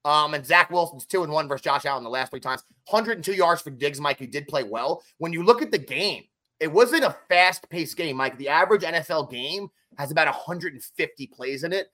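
A man co-hosting a casual sports podcast, talking fast and emphatic as he runs through game stats. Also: fairly high pitch, animated, sharp tone. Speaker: podcast co-host.

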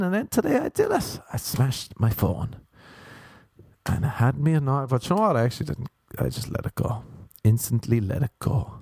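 A man's voice: mid-range voice, very animated, normal speed, gravelly, warm tone, dry recording. A young Irish man hosting a podcast, telling rambling, self-mocking stories on his own. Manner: meandering, self-mocking storytelling. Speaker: podcast host. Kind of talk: rambling solo podcast monologue.

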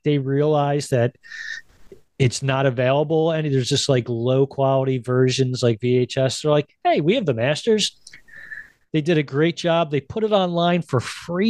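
A middle-aged man co-hosting a casual chat, animated and quick to act out quoted voices. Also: no room sound, studio quality. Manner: animated, acts out quoted voices in a high pitch. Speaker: podcast co-host.

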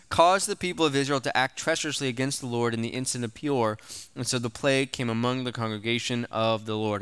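Bright, crisp-voiced young male preacher. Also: medium pitch, dry recording. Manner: conversational preaching with frequent "right?" and "okay?" check-ins; retells scripture in an everyday voice. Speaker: pastor. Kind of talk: sermon.

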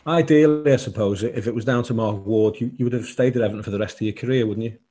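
Brisk, mellow-voiced male host. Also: on the low side. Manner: brisk, leading questions. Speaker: podcast host. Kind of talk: interview questions.

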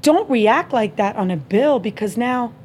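Podcast host, woman, slightly high pitch, animated profane storyteller who acts out the dialogue. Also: unhurried, slightly rough. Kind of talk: casual storytelling chat.

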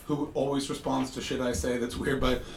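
Animated male comedian in an echoey room. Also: medium pitch, fairly quick, vocal fry, over a noisy crowd. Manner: animated, joking, playful. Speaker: comedian host. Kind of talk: live comedy podcast storytelling. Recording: echoey room, distant mic.

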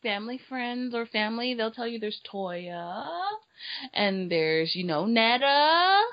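A woman's voice: on the high side, lively intonation, a little slow, lo-fi sound. A woman co-hosting a casual chat, playful and teasing, laughing often. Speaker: podcast co-host.

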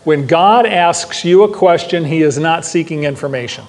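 Older male pastor, sermon, emphatic and repetitive, high voice with long room reverb. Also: moderate pace. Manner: emphatic, repeats key phrases, asks the class questions. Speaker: pastor teaching a Bible class.

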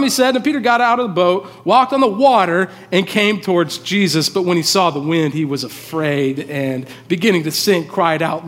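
Male pastor, sermon, high voice, casual asides, long hall reverb. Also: a little fast, few pauses, a bit bright. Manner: conversational, informal preaching with asides. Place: church hall.

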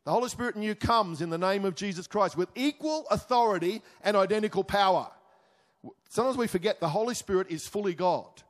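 A man preaching a sermon as pastor, emphatic, rising to exclamations and then dropping low and intimate. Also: fairly quick. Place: church hall. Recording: reverberant church hall.

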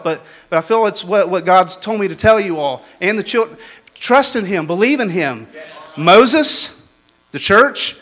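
A man preaching a sermon in a folksy, repetitive way, building up to shouted exhortations. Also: high-pitched. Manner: folksy, ungrammatical phrasing.

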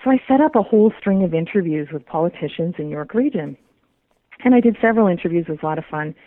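A woman telling a personal story as a guest, animated and laughing often. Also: lowish voice, fast talker, no echo. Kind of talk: casual storytelling. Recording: tinny dry phone line.

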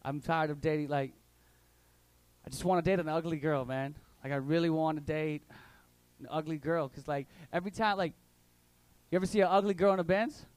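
A young man doing stand-up comedy, telling crude stories full of slang in an animated way on a club stage. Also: on the high side, a little fast, pauses often, no echo.

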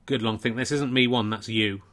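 A man's voice: medium pitch, fairly even intonation, brisk, a bit bright, lightly acted. A man doing a rueful woman alter ego. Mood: firm. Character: female alter ego, a wistful snooker loser.

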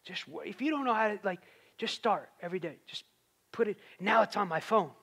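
A man's voice: high-pitched, lively intonation, brisk, vocal fry, pushed and bright, breathy edge. A man preaching a sermon in a conversational way, rising to emphatic peaks.

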